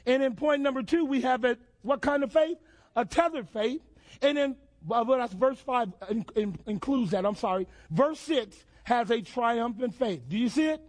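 A male pastor preaching a sermon, quizzing the congregation and building to emphatic shouts. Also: very high voice, lively intonation, normal speed. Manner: call-and-response questions to the congregation, emphatic shouted build-ups.

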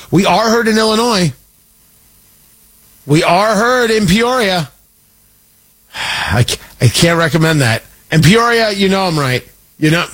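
Husky, sarcastic talk radio host. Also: male voice, fairly high pitch, fairly bright tone. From Midwest. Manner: sarcastic, riffing, breaks into mock voices. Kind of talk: opinionated political talk radio monologue.

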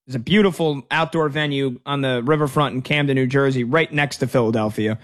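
A man's voice: medium pitch, fairly even intonation, a little fast. A man in his thirties hosting a sports talk radio show, chatting casually and rambling through stories with restarts. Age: 30s. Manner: rambling, storytelling with many restarts.

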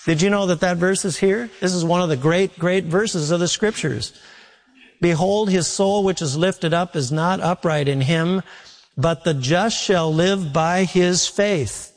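A man preaching a sermon as a pastor, telling folksy stories and slowing down on key words for emphasis. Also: high-pitched. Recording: long reverb of a large hall.

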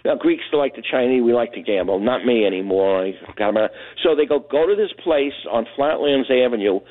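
Here is an older caller from Brooklyn, phoning in to a late-night radio show. He rambles through his story in an animated way, his voice at a middling pitch. He comes through a thin, tinny phone line. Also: a little fast. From Brooklyn, New York.

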